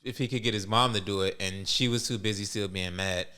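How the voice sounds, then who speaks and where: A man's voice: lowish voice, steady tone, fairly quick, bright, forceful tone, clear, resonant tone. A young man co-hosting a podcast, casually and profanely retelling an anime's plot. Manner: profane, storytelling recap. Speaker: podcast co-host. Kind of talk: casual anime recap chat.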